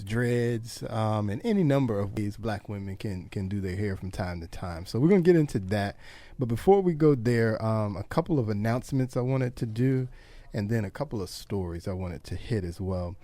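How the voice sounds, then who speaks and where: A man's voice: mid-range voice, a little mellow, dry recording. Laid-back man hosting a radio talk show. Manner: laid-back, chatty, laughs often.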